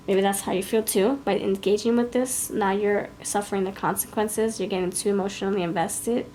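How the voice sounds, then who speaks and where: A woman reads tarot cards aloud, blunt and scolding as she thinks through each card. Her voice sits at an ordinary middle pitch for a woman. There is a faint hiss of noise behind her. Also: fairly even intonation, a little fast, hardly any pauses, dark tone. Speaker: tarot reader. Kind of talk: pick-a-card tarot reading.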